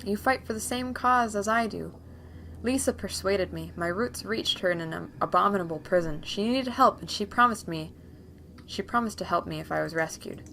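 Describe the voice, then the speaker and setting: A woman voicing an ancient, weary tree spirit in a video game, speaking slowly and solemnly. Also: medium pitch, vocal fry, slight background noise. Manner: slow, hushed, solemn.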